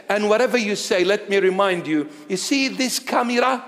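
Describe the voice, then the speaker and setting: Male preacher, lively storyteller with humor, high pitch, echoing church hall. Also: moderate pace, few pauses. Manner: animated storytelling with humorous asides. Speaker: bishop, preacher. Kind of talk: sermon. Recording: long church reverb.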